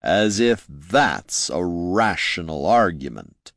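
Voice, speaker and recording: A haughty wizard, played by a man, drawling his scorn out slowly in a low storybook voice. Every word comes down with contempt. The recording is close and dry. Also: big pitch swings, creaky, fairly bright tone, no room sound, exaggerated voice. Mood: scornful.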